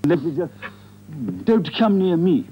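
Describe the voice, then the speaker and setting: A man's voice: high voice, lively intonation, a little slow, breathy edge, lo-fi sound. A man in a comedy sketch, addressing a jury with pompous courtroom grandeur. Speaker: mock judge.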